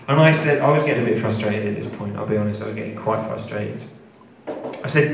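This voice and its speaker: A man performing a stand-up comedy set, telling a deadpan story that builds up to shouting. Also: on the low side, fast talker, creaky, crowd noise. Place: festival stage. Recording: echoey room from far off.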